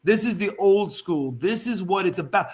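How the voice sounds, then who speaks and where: A man's voice: high voice, lively intonation, normal speed. A middle-aged man with a slightly raised voice tells a story as a guest on a remote call. He talks casually and animatedly and acts out each person he quotes. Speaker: former pro wrestler, guest. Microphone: remote video call.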